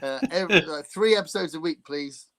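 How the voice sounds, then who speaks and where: A man's voice: a little high, a little fast, a crowd in the background. A man co-hosting a casual livestream chat, joking and reading viewer comments aloud. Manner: jokey, reads viewer comments aloud, playful mimicry. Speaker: podcast co-host.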